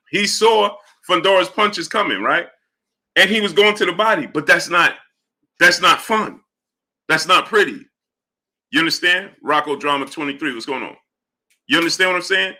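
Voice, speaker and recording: A man running a live boxing stream, his voice bright and sharp and pitched a little high for a man. He rattles off analysis in an animated way, punctuating it with "right?" and "you understand?", then drops into low mumbled shout-outs to viewers. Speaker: livestream host.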